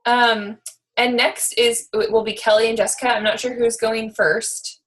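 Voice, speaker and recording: A woman's voice: fairly high pitch, flat delivery, normal speed, low-quality recording. A woman hosting a team call, enthusiastically praising speakers and handing off to the next one. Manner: enthusiastic, encouraging. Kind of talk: casual hosting.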